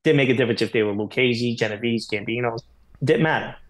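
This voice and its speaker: The recording is low quality, capturing a man's mid-range voice. He's a guest on a podcast, spinning candid interview stories quickly and bluntly, with lots of profanity and filler words.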